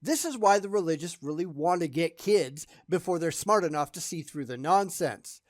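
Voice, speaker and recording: A man's voice: on the high side, lively intonation, moderate pace, no room sound, clean studio sound. A man giving sarcastic reaction commentary, blunt and scornful in how he talks.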